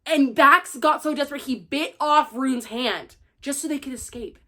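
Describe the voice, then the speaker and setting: A young woman gushing through a casual, spoiler-filled book review, excitable and full of "like". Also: sits high, moderate pace. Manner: gushing, excitable, heavy use of "like".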